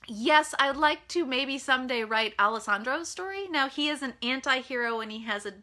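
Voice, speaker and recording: An American author answers reader questions in a live Q&A from her California home, with a high, sharp voice, lively intonation and moderate pace. She chats casually, frankly and self-deprecatingly, using lots of fillers.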